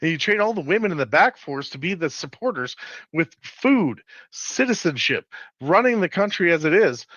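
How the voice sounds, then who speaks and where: A man's voice: a little high, big pitch swings, moderate pace, a bit bright, no echo, dull audio. A man arguing his side in a live online debate, insistent and explaining his points step by step.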